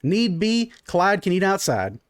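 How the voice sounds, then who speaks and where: A man's voice: big pitch swings, a little slow, clean tone, no room sound, studio quality. Man putting on a bossy furbolg matriarch. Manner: loud, sharp, high falsetto. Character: bossy domineering female furbolg mother.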